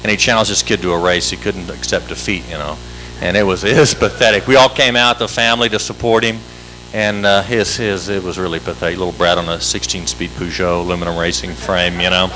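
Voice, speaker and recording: A man doing a stand-up comedy routine on a club stage, wired and chanting words in rapid-fire repetition. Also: low-pitched, steady tone, bright, forceful tone, slight background noise, rough recording. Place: club stage with live audience.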